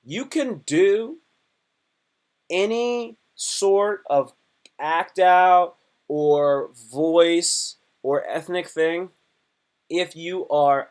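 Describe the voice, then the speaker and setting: A man comedian chatting on a live stream in a rambling way, repeating himself and swinging between loud bursts and low mutters. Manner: slips into quick put-on voices. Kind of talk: casual live-stream chat.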